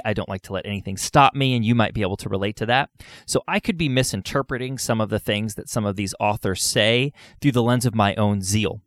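A man's voice: fairly low pitch, a bit bright, no room sound, clean studio sound. A man hosting a solo podcast, talking earnestly and asking his listeners rhetorical questions.

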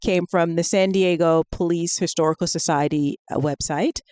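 A chatty woman co-hosting a podcast, with a fairly low voice. She talks loosely, full of fillers and quick asides. The sound is dry and close, with no room around it. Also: no echo. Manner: chatty and animated, with many fillers. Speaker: podcast co-host. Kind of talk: casual podcast chat.

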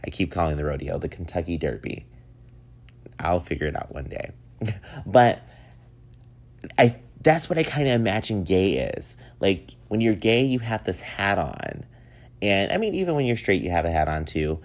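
A man's voice: low voice, very animated, moderate pace. A man in his thirties hosting a solo podcast, chatting in a rambling, easygoing way and laughing often. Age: 30s. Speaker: podcast host. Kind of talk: casual solo podcast monologue.

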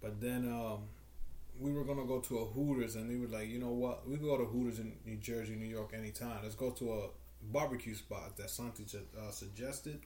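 A man's voice: medium pitch, steady tone, brisk, warm tone, roomy sound, a little hiss or hum. A man co-hosting a podcast, telling stories in a rambling, laid-back casual chat. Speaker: podcast co-host.

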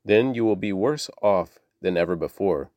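A man's voice: sits low, lively intonation, normal speed, darkish tone, dry recording, lo-fi sound. A man reading the lines of a stern male army commander, blunt and scolding. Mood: rebuking.

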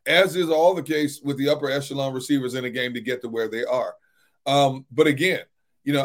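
A man with a slightly raised pitch breaks down football receivers on a sports talk show. He talks emphatically, leaning on repetition and "you know" fillers is noticeable. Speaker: sports radio co-host.

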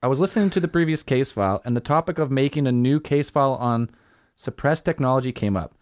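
Fast-talking, brash Canadian man. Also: medium pitch, lively intonation, a little mellow, no echo, studio quality. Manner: brash, swears often. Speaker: podcast co-host. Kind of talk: casual chat. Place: home recording studio. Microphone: studio mic.

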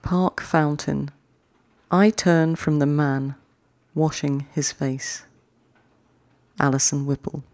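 Slow, mellow poetry-podcast host. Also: mid-range voice, steady tone, dry recording. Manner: reads each short poem twice with long pauses; chatty, quicker sign-off. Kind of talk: slow, measured poetry reading.

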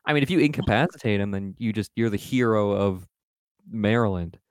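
A man's voice: on the low side, a little fast, clean tone, no room sound, clean studio sound. A young man co-hosting a podcast in casual chat, joking and swearing freely. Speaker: podcast co-host.

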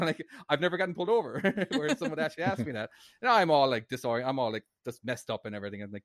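Animated Irish man telling a story. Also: on the high side, quick pace, dry recording, clean studio sound. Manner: animated anecdote teller, swears, laughs. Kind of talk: casual storytelling.

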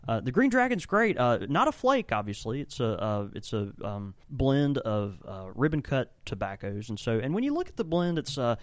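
A man's voice: mid-range voice, very animated, moderate pace, hardly any pauses, dry recording. A man who owns a tobacco shop, chatting enthusiastically in a rambling way and often restarting his sentences. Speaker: tobacco shop owner and blender. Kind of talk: casual podcast chat.

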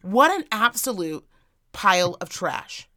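A woman's voice: medium pitch, big pitch swings, a little slow, pushed and bright, dry recording, studio quality. A woman co-hosting a podcast in casual chat, blunt and sweary, ranting with lots of energy. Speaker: podcast co-host.

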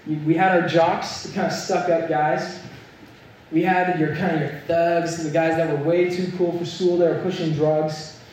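A man's voice: a little high, flat delivery, moderate pace, a little mellow, a little hiss or hum. Young man preaching in an echoey church. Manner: storytelling, earnest, building to emphatic points. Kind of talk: sermon. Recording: echoey hall, mic at a distance.

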